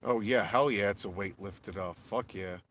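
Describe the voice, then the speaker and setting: At the close of a late-night stream, the host, a man with a lowish voice, talks casually and profanely with viewers at a moderate pace, becoming worked up over correcting someone's pronunciation. A slight hiss or hum is audible.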